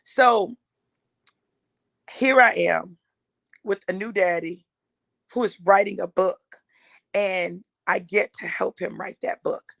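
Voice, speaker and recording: Gravelly-voiced woman in her fifties. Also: mid-range voice, fairly even intonation, slow pace, long pauses, fairly bright tone, no room sound. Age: 50s. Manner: emphatic, chatty, addresses the audience as y'all. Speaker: author and speaker. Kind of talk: casual storytelling to viewers.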